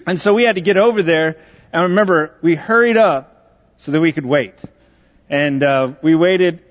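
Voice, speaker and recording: High-pitched pastor guy from texas joking through a story sermon, muffled, long church echo. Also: normal speed. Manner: conversational and joking, with self-deprecating asides. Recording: dull sound in a large reverberant hall.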